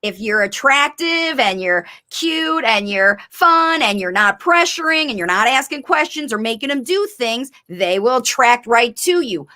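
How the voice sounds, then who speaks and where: A middle-aged woman, a speech-language pathologist, coaching parents in a live-streamed Q&A, talking fast and energetically with emphatic repetition. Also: a little high, pushed and bright.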